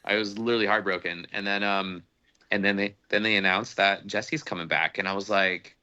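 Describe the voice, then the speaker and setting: A young man chatting casually as a podcast guest, excitable and rambling, swearing often as he gushes like a fan. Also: lowish voice, fairly quick, clean tone. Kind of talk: casual chat. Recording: dull lo-fi sound.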